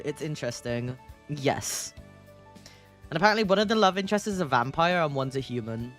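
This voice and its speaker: Giggly low-voiced woman streamer. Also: animated, a little fast, faint music behind. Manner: giggly, playful, teasing. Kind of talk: casual commentary while reading a game aloud.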